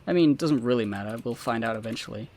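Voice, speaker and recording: A man's voice: mid-range voice, animated, fast talker, a little mellow. A man co-hosting a podcast, rambling casually about a manga chapter with plenty of filler words. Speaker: podcast co-host.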